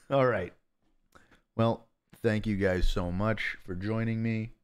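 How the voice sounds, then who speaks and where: A man's voice: fairly low pitch, steady tone, takes it slowly, clean tone. A man streaming from his home office, casually joking and thanking his chat.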